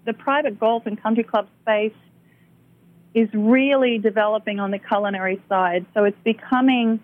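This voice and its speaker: A woman's voice: on the high side, fairly even intonation, normal speed, dry recording. Female guest on a phone line, businesslike and promotional, dry and tinny sound. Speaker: magazine and business producer, guest. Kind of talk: casual interview chat.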